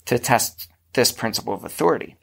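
A man's voice: mid-range voice, expressive, brisk, gravelly, a bit bright, breathy edge. A man with a Pennsylvania accent hosting a casual podcast discussion, explaining at length with frequent restarts. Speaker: podcast host.

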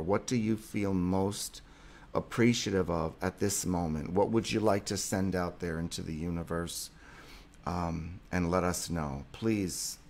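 Man, middle-aged, psychologist hosting live stream, effusive, lowish voice, reads viewer comments. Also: a little mellow.

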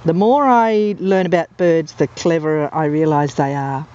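A woman's voice: low-pitched, fairly even intonation, normal speed, warm tone. A woman from England narrates off the cuff as she films wild birds on a golf course, wandering from one story to the next with lots of ums and uhs. The sound is a little muffled and dull, caught on a handheld camera mic outdoors. Birds squawk in the background. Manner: rambling, anecdotal, many ums and uhs. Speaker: amateur nature videographer. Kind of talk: casual off-the-cuff narration while filming.

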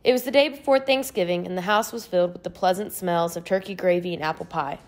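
A woman's voice: fairly low pitch, fast talker. Woman narrating an audiobook. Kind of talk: scripted narration.

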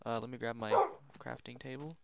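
A young man giving casual, slangy gameplay commentary, excitable and often shouting at the game. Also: mid-range voice, brisk, gravelly, heavy background noise. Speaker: gaming youtuber. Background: loud background music.

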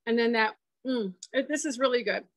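A woman on a video call, describing a dessert she made in a relaxed, talkative way full of "um"s. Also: fairly high pitch, brisk, no echo. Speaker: guest sharing a dessert. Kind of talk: casual chat demo.

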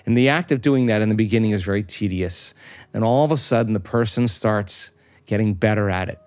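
A man's voice: on the low side, brisk, a little mellow, no room sound. A middle-aged man, a guest in an interview, explaining ideas emphatically with rhetorical questions and repeated phrasing. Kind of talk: explanatory talk.

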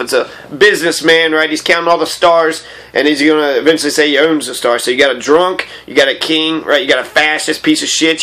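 Man, casual storyteller, profane asides, slightly high voice. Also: fairly bright tone. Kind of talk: casual read-aloud with commentary.

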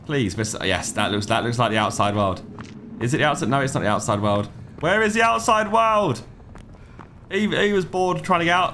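A man's voice: medium pitch, animated, brisk, noisy background. A man in his thirties giving let's-play commentary, jumpy and swearing, talking to himself and the game. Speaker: gaming YouTuber.

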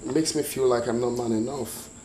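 A man playing a calm, reserved young prince. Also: medium pitch, a little fast, slight background noise, close to an everyday voice. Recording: echoey room.

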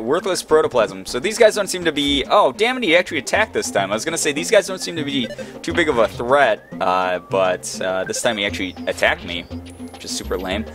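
A man's voice: medium pitch, a bit bright. A man giving casual, goofy commentary while playing a video game, joking with the characters on screen. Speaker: let's play gamer.

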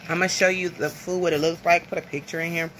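A woman's voice: lowish voice, fairly bright tone, slight background noise. A woman from the American South chatting casually to camera over lunch at home, rambling and nervous. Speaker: vlogger. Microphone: phone camera.

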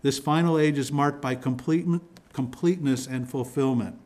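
A pastor preaching a sermon in church, explaining scripture in a teaching manner with frequent restarts and repeated words. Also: male voice, mid-range voice, normal speed, darkish tone. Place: church sanctuary.

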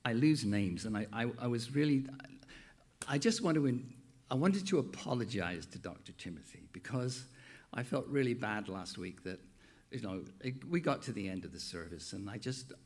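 A man's voice: mid-range voice, normal speed. An older man with an American accent, a minister hosting a Sunday service in a chatty, playful way. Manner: lively, playful, loud call-outs. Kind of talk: warm, chatty service host.

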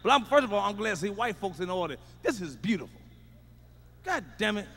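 A middle-aged man doing a loud, profane, emphatic stand-up routine, recorded live. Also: high-pitched, sing-song, a little fast, long reverb tail. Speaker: stand-up comedian.

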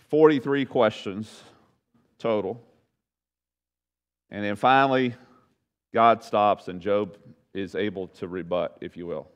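A man teaching a Bible study lesson in a conversational, folksy way with self-deprecating asides. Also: fairly low pitch.

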